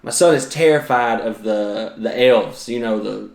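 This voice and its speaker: A man's voice: fairly low pitch, unhurried, gravelly, few pauses, a little mellow, echoey room. A man, hosting a podcast and telling comic stories in a profane, exaggerated, self-mocking way. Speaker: podcast host and comedian. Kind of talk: comedic storytelling monologue.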